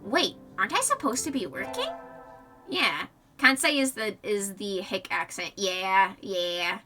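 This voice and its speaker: A woman's voice: medium pitch, animated, unhurried, pushed and bright. A young woman in her twenties streaming, reading a visual novel aloud with chatty, rambling asides. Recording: distant mic, faint music behind.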